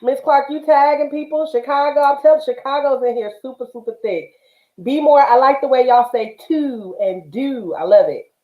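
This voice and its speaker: A chatty woman from the Bay Area hosts a craft livestream, greeting viewers warmly and peppering her talk with ums. Her voice sits high, and the sound is roomy and a little dull. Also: brisk. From Northern California, Bay Area. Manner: chatty, affectionate, many fillers. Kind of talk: casual livestream chat.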